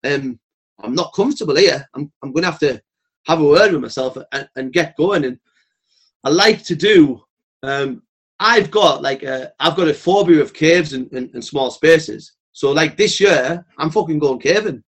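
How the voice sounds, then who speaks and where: Man, podcast guest, higher-pitched, blunt, swears a lot, lively storytelling. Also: normal speed, breathy edge. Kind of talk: casual podcast chat.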